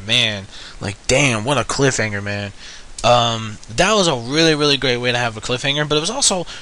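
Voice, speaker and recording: A man's voice: mid-range voice, sharp tone, rough recording. Rambling young man reviewing anime. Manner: rambling, frequent fillers and profanity. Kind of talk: casual video review.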